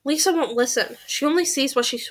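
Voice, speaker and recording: A woman's voice: sits high, fairly quick, close to an everyday voice. A woman voicing a huge, lovesick teenage football boy who talks earnestly in casual slang.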